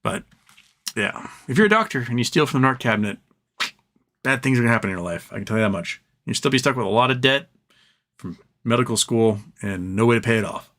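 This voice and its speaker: A man's voice: mid-range voice, animated, fast talker, a bit bright. A man hosting a late-night livestream, chatting casually in a rambling, profane way and chuckling at his own jokes. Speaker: livestream host.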